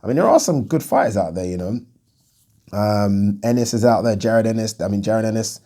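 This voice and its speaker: A man's voice: lowish voice, expressive, normal speed, dark tone. A man hosting his own boxing channel, chatting bluntly about the news and thinking aloud with plenty of ums. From United Kingdom. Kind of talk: casual solo commentary on boxing news.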